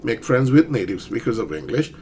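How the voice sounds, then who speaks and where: A man's voice: mid-range voice, sing-song, fairly quick, vocal fry, a little mellow, a little hiss or hum. A middle-aged man teaching an online English lesson, explaining steps and checking in with "okay?" and "right?".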